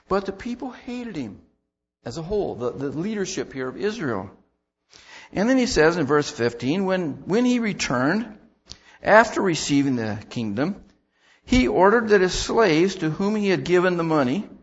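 A man's voice: high voice, highs cut off. A man preaching a sermon in a conversational way, repeating words as he goes and bursting into emphatic lines. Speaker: pastor.

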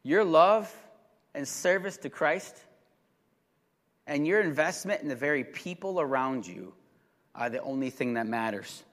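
A pastor preaching a sermon with emphatic delivery that rises to loud, urgent exhortation. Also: male voice, on the high side, lively intonation, measured pace, long pauses, big-room sound.

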